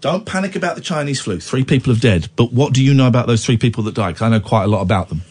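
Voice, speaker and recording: A man's voice: medium pitch, animated, very fast, a little mellow, husky. A man hosting late-night talk radio, tired with a cold, talking in a playful, mock-indignant way. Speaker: radio host.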